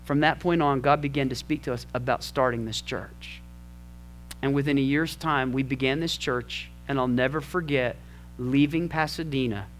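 A male pastor telling a personal story in a sermon, animated and asking the congregation rhetorical questions. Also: mid-range voice.

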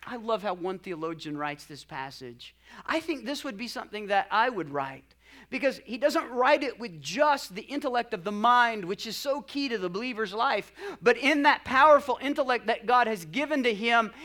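Bright-voiced impassioned male preacher. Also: very high voice. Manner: impassioned preaching that swells to loud climaxes; jokey asides to the congregation. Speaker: pastor. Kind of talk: sermon.

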